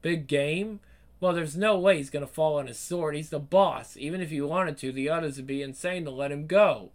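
A foul-mouthed, cynical British man, played by an actor, coolly works out who is worth betraying. His voice sits a little higher than most men's, and his tone stays level and calculating in this screen drama. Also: normal speed, lightly acted. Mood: scheming.

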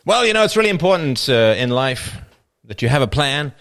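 A man putting on the voice of an overexcited male sportscaster giving a slow, loud motivational speech. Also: mid-range voice, big pitch swings, pitched above the performer's own voice. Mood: preachy. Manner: loud, slow, preachy delivery.

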